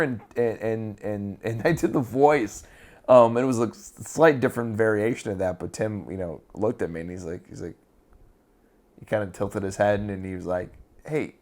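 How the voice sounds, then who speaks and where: A man with a fairly low voice, co-hosting a casual podcast. He rambles through his stories with plenty of "um"s and restarts. He swears freely and keeps a loose, offhand tone. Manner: rambling, with frequent fillers and restarts. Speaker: podcast co-host.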